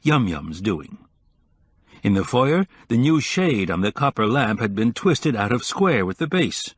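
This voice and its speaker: A man reading an audiobook in a measured, even scripted narration. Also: medium pitch, husky, no room sound.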